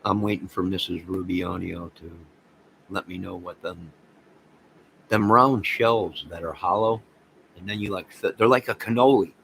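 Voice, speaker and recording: A man hosting a casual livestream, rambling excitedly and talking to viewers by name. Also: low-pitched, unhurried, gravelly, slight background noise, low-quality recording. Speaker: livestream host reading chat.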